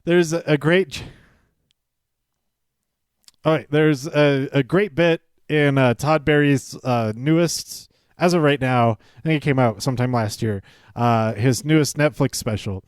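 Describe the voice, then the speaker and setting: In an unhurried, mid-range, smooth voice, a man hosting a podcast talks casually through a show recap, stumbling over words and interrupting himself as he chuckles often. When quoting lines, he acts them out in livelier voices. The sound is clean studio audio with no echo.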